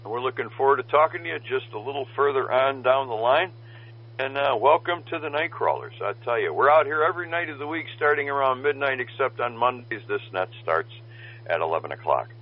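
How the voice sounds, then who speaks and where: A man's voice: mid-range voice, animated, a little fast. A man running a ham radio net as its control operator, chatting in a jokey, folksy way with radio lingo. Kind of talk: casual radio net chat. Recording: dull lo-fi radio audio with faint noise.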